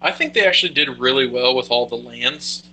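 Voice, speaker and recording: A man's voice: mid-range voice, expressive, fairly quick, sharp tone, a little hiss or hum. A man co-hosting a podcast, chatting in a laid-back, teasing way. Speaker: podcast co-host. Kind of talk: casual chat about card games.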